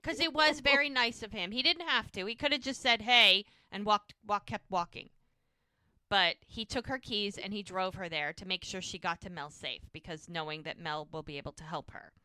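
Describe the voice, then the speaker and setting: Bright-voiced woman podcast host, animated storyteller. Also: mid-range voice, moderate pace, clean tone, dry recording. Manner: animated storyteller acting out scenes. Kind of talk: casual chat recapping a TV episode.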